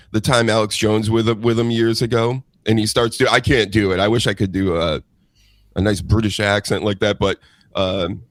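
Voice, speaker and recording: A man co-hosting a podcast, chatting casually in an animated, rambling way and laughing easily. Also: on the low side, no echo. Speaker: podcast co-host. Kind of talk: casual chat.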